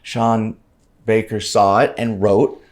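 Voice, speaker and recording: A man in his fifties, a guest on an interview podcast, telling stories in a candid, animated way with casual swearing. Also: lowish voice, slow pace. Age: 50s.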